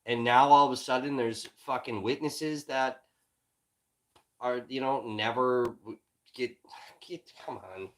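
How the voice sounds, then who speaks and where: A man's voice: mid-range voice, steady tone, measured pace, rough recording. Profane, ranting livestream man. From Illinois. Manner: heavily profane, frustrated, swings from muttering to shouting. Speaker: livestream host and independent journalist.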